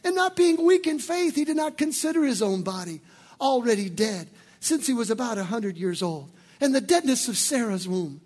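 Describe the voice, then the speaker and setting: Husky high-voiced preaching pastor. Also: male voice, animated, normal speed. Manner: preaching with shouted peaks and playful asides. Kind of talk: sermon.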